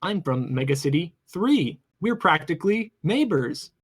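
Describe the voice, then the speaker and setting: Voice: mid-range voice, big pitch swings, a little slow, husky, pitched above the performer's own voice. Polite goo-creature doctor, formal speech , voiced by a game master at the table. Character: goo-covered male skeleton doctor speaking via box. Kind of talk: tabletop role-play voicing.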